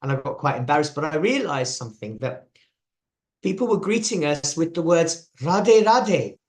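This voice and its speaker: A man's voice: fairly high pitch, very animated, moderate pace. A man with an English accent giving a chatty devotional talk, sharing stories and asking the audience questions. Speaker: preacher.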